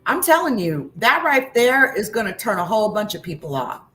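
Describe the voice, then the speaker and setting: A woman's voice: medium pitch, big pitch swings, a little fast, a bit bright, soft background music. A woman doing casual reaction commentary, sarcastic and incredulous, swearing freely and chatting to her viewers. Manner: chats to viewers in live chat. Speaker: online commentator.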